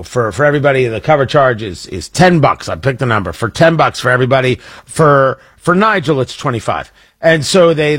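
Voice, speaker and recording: Husky-voiced talk radio host. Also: male voice, medium pitch, a bit bright. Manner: conversational, stumbling restarts, wry asides. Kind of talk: casual talk radio commentary.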